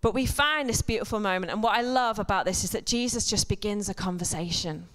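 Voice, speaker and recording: A woman's voice: medium pitch, a little fast, a bit bright. A woman giving a chatty sermon in church, full of humorous asides and self-deprecating jokes. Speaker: church speaker. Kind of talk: conversational sermon. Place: church service before a congregation.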